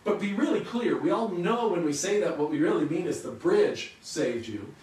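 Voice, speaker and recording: A man delivers a sermon in a slightly high voice, posing rhetorical questions and answering them in an earnest teaching manner. He sounds set back from the mic in a very echoey room, with faint ambience underneath. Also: animated, normal speed, a little mellow, far from the mic. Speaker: pastor.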